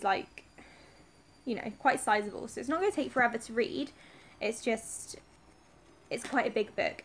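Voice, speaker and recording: A woman's voice: fairly high pitch, vocal fry. A young woman chatting casually in a reading vlog about books and her week, with plenty of fillers and asides. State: slightly out of breath after the gym. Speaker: book vlogger.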